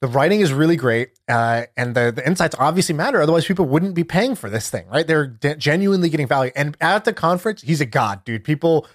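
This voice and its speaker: A man chatting on a podcast with a somewhat high-pitched voice, telling a story with lots of fillers and energy. The sound is dry and close to the mic. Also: quick pace, few pauses, no echo. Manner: animated storyteller, many fillers, laughs while telling. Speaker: podcast co-host. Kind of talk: casual chat.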